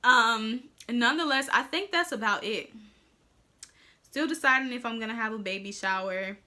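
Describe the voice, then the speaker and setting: A woman's voice: on the high side, moderate pace, sharp tone. A young woman chatting candidly to her viewers in a pregnancy update vlog, sounding a little winded. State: slightly out of breath. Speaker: vlogger.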